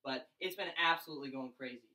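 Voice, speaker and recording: A young man talks fast and excitedly to a room of college students, with a bright, forceful tone. He keeps acting out what friends and family said. The mic sits a little way off from him. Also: medium pitch, echoey room, recorded from a distance, poor audio. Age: young adult. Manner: fast, excited storytelling with mimicked voices. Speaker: event speaker. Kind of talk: energetic pitch talk to a crowd.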